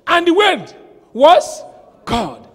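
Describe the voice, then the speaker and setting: A man preaching a sermon as a pastor, shouting some lines and slowing hard on others. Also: extremely high pitch, huge pitch swings. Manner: preaching with sudden shouts and dramatic slow stretches. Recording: long hall reverb.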